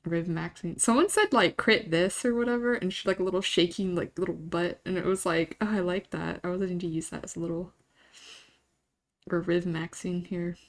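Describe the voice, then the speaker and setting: Woman streamer, casual live chat, slightly low voice, rambling and emotional, quick laughs between thoughts. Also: fairly even intonation. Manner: rambling, emotional, self-interrupting, laughs often.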